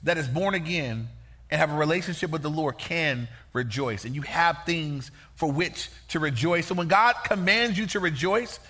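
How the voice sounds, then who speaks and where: A man preaching a sermon as pastor, in a lively, folksy, conversational way. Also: high voice.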